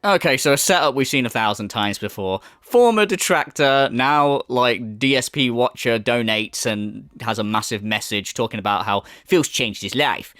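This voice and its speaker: A man's voice: medium pitch, normal speed, few pauses, a bit bright, no echo, studio quality. A man hosting a reaction commentary, mocking and exasperated, swearing often as he rants. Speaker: commentary host.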